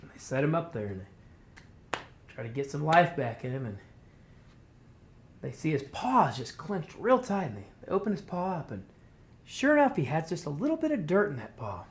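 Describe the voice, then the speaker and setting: Telling a traditional tale in a folksy way, a tribal language department storyteller acts out the animals' quoted talk and leans on "kinda" and "you know." The mid-range voice swoops wildly in pitch at a moderate pace, pausing often.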